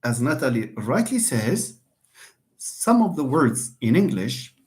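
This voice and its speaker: A man's voice: medium pitch, takes it slowly. A man with a Moroccan accent teaching an English class, repeating key points and calling on students by name. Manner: animated, calls on students by name. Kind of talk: online classroom lesson.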